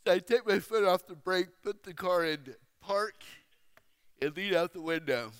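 A man telling a story in a sermon, with speech that is hard to understand, slow and deliberate with pauses. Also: high voice, lively intonation, clean tone.

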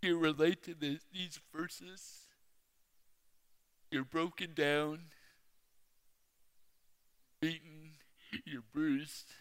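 A man preaching a sermon, telling a personal story slowly and with emphasis. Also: a little high, little pitch movement, smooth. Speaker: speaker. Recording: reverberant hall.

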